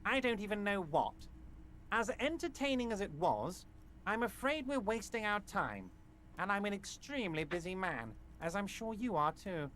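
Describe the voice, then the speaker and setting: An actor voicing a large, smooth-talking union boss in a video game, folksy and reassuring with a needling edge. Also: male voice, high-pitched, big pitch swings, moderate pace, a bit bright, slight background noise. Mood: concerned.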